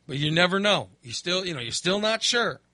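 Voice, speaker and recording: A middle-aged man chatting casually, telling a story with lively acted-out reactions. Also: high voice, brisk, no echo. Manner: animated storyteller, acts out his own reactions. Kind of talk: casual chat.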